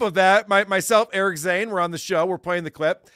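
A man's voice: high voice, brisk, bright, forceful tone, clear, resonant tone, dry recording, clean studio sound. A man talking as a podcast guest in casual chat, ranting with sarcasm and swearing.

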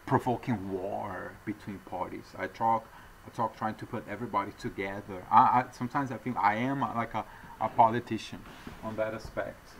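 A man's voice: lowish voice, fairly even intonation, moderate pace, vocal fry, a little hiss or hum, rough recording. A man with a non-native English accent, talking to viewers in a digressive, earnest monologue with apologetic asides. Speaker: vlogger addressing viewers. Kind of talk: rambling off-the-cuff monologue.

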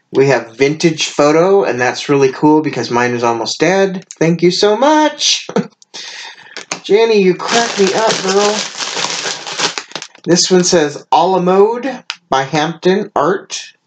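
A woman's voice: low-pitched, slow pace, noisy background. A woman unboxing a craft mail package and chatting casually, gushing with frequent exclamations and laughs, sounding tired. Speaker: craft channel host.

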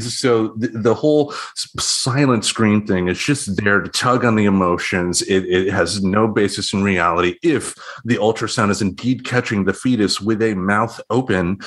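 Fairly low-voiced guy on a podcast, halting, lots of you knows and restarts. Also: a bit bright, slightly rough. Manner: halting, restarts, many fillers. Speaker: podcast co-host. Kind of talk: casual podcast discussion.

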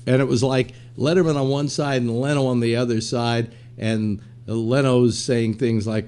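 A man's voice: medium pitch, steady tone, normal speed, hardly any pauses, darkish tone. Rambling older male host telling stories. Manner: storytelling, many fillers, mimics quotes. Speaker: podcast host. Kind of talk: casual rambling chat.

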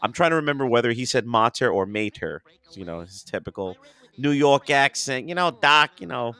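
Man guest voice actor, casual podcast chat, playful, lively pitch swings, close dry sound. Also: fairly quick, no echo. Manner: playful, slips into character voices.

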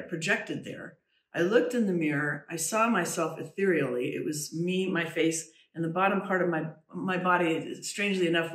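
A woman tells a personal story in an earnest, halting way, often restarting her sentences and falling to a hush at the eerie moments. She sits back from the microphone. The room adds a clear echo around her voice. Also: on the low side. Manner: earnest, halting, with many restarts and "you know"; drops to a hushed voice when recounting the eerie moments. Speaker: trance channel medium, interview guest. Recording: roomy, distant from the mic.

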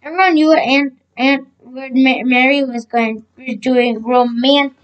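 High-voiced woman reading a children's book. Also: steady tone, measured pace, clear, resonant tone, highs cut off. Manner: frequent slips and self-corrections. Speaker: storybook reader. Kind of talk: children's book read-aloud.

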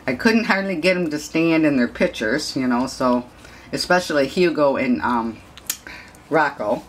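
A woman's voice: deep voice, animated, a little slow, a little hiss or hum. A woman dog breeder chatting casually in a home video, rambling and cooing at puppies.

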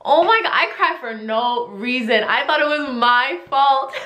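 Young woman, excitable, giggly, fairly high voice, echoey room. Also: a little slow, hardly any pauses. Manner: excitable, giggly, squealing highs. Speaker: vlogger. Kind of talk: casual reaction vlog.

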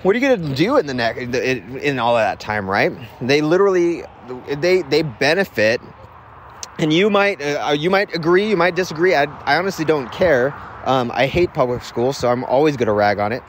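A man's voice: fairly high pitch, expressive, normal speed. A man hosting his own show, telling a rambling, self-deprecating story in a casual monologue outdoors near a road. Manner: rambling and self-deprecating, with frequent restarts and chuckles. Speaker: podcast host. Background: faint passing traffic.

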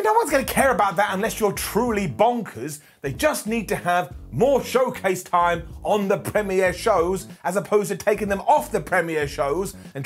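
A man reviewing a wrestling show in a sarcastic, jokey, animated rant. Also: high voice.

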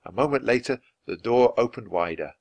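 Male storybook reader, clear and lively intonation, mid-pitched voice. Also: a little fast, no echo. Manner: clear, expressive reading. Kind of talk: children's book read aloud for learners.

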